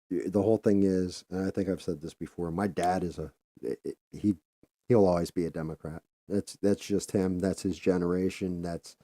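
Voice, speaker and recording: Man, very low voice, dry close sound, casual profane monologue, middle-aged. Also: dark tone, no room sound. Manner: profane, rambling storytelling with restarts. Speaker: podcast host.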